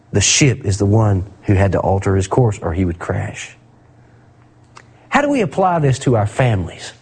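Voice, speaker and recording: A middle-aged man preaching a sermon, earnest and storytelling, drawing out key phrases slowly for emphasis. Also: medium pitch, a little mellow, husky.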